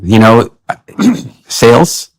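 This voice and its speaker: A male guest telling stories in conversation, acting out the dialogue of his anecdotes with lively delivery. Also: mid-range voice, drawn-out words, husky, no echo, low-quality recording. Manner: animated, acts out his own dialogue in anecdotes. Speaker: guest speaker. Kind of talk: conversational storytelling.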